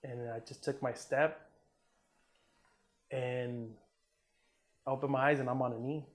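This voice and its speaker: A Southern California Army combat veteran shares a war story in a casual interview, speaking slowly in a mid-range voice. He's relaxed and profane, peppering his talk with "man" and "you know" and acting out the quotes.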